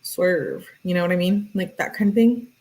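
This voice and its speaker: A woman's voice: lowish voice, moderate pace, warm tone. Chatty woman reading texts aloud. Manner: chatty, musing asides to viewers. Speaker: true-crime YouTuber. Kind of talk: casual commentary, reading text messages aloud.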